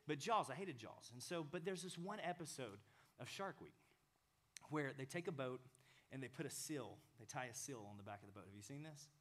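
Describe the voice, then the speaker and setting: A man in his thirties preaching a sermon in a lively, animated way. He acts out small inner dialogues with changing voices and at times sinks to a near whisper. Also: mid-range voice, a little fast. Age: 30s.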